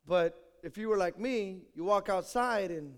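A male pastor preaching a sermon with dramatic storytelling, swinging between loud and soft. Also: high-pitched, measured pace, clean tone. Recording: echoey hall.

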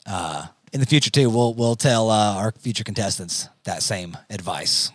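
A man's voice: fairly low pitch, normal speed, no echo, clean studio sound. A man co-hosting a casual podcast, talking loosely and swearing freely. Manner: loose, swears and laughs easily. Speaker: co-host.

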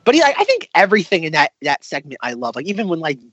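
A man's voice: fairly high pitch, rapid-fire, breathy edge, dull audio, soft background music. A man co-hosting a podcast, chatting animatedly and slipping into impressions. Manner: animated, lots of vocal impressions. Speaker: podcast co-host. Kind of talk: casual chat.

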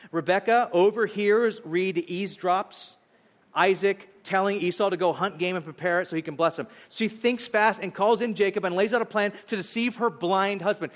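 A male pastor preaching a sermon, retelling a story in an animated, conversational way. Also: high-pitched. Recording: long hall reverb.

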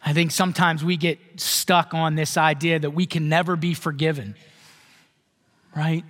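A male pastor preaching in a high, light voice with a relaxed, conversational delivery, often turning questions back to his listeners. His words ring out with the long echo of a church hall. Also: moderate pace. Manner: conversational, asks the congregation questions. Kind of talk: sermon.

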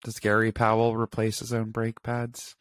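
A woman with a very deep voice chimes in as a podcast co-host. She is wry and agreeable in casual chat. The sound is close and dry. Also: monotone, normal speed, no echo.

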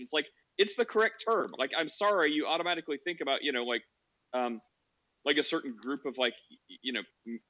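Host type: joking, rambling man, forceful bright tone, muffled lo-fi line. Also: a little high. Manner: rambling, joking, laughs often. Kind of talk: casual chat.

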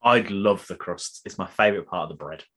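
A man's voice: low-pitched, a little fast, bright, forceful tone. A man co-hosting a podcast in casual chat, playful and teasing, often laughing. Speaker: podcast co-host.

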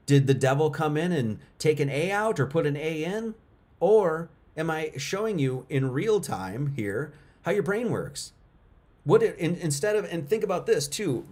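With a medium-pitched, darkish voice, this middle-aged livestream host talks to his viewers with emphasis, going back over the same points again and again to drive them home in a casual setting.

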